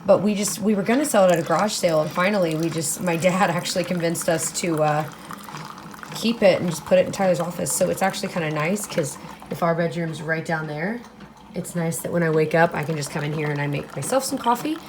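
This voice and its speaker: A beauty vlogger in her twenties with a lowish voice talks briskly to her camera as she gets ready in a small room at home, with background noise audible. She sounds tired, rambles from thought to thought and laughs often as she chats.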